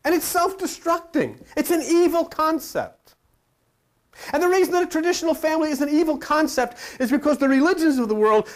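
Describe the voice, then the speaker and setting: A man giving a comic, mocking lecture and putting questions to his audience. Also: very high voice. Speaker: speaker, lecturer.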